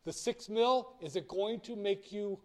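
A man's voice: high-pitched, a little slow, darkish tone. A man lecturing on finance in a blunt, theatrical way, acting out little dialogues. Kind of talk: recorded lecture.

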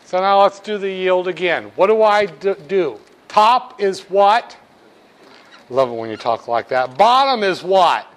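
A man's voice: high voice, animated, measured pace, fairly bright tone. A man giving a finance lecture who breaks up his explanations with crude, irreverent jokes. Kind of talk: comedic classroom lecture.

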